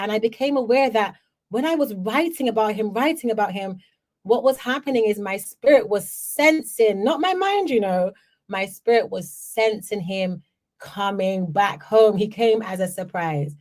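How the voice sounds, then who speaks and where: Woman from jamaica telling stories on her podcast, animated, keeps checking you follow. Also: mid-range voice, moderate pace. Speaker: podcast host. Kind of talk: personal storytelling.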